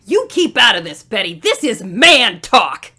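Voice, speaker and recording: A woman's voice: fairly high pitch, sing-song, normal speed, a crowd in the background. A woman voicing a blustering, hot-tempered old army general in a comic read-aloud. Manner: bellowing, blustery.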